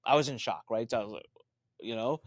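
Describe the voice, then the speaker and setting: A man's voice: fast talker, no echo. A man as a podcast guest, telling a story with lots of fillers and restarts, acting out the other people's voices. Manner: animated, acts out quoted voices with big pitch jumps. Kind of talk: storytelling in an interview.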